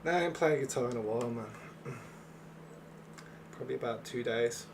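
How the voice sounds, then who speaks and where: Chatty gaming streamer. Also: male voice, mid-range voice, normal speed, background noise. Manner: rambling, slangy, calls viewers man. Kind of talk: casual live-stream chat. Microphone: desk microphone.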